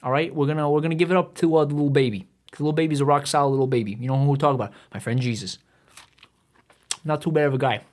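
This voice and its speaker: Brief: man, about 30, rapid-fire podcast ranter, slightly high voice, swears and stumbles over restarts. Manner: swearing, stammering restarts, heated rambling. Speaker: podcast host. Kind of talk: profane comedic rant monologue.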